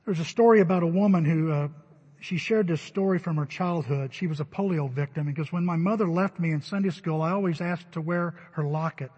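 A male pastor preaching to his church, his fairly high voice turning emphatic and loud on key words. His tone is husky, and it is captured on a dull recording. A long reverb trails after each line in the sanctuary. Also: a little fast. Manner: emphatic, rising to loud stresses. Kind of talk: sermon.

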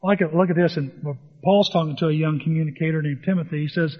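A male pastor preaching a sermon, telling stories in an animated way and acting out the dialogue. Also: fairly high pitch, quick pace, few pauses. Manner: animated storytelling, acts out dialogue. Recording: dull, long reverb in a hall.

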